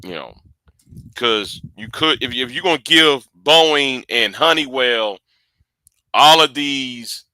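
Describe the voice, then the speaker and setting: Male commentator, halting delivery, very bright tense tone. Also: mid-range voice, animated, dry recording. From United States. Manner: halting, many repeats and restarts. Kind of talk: casual political commentary.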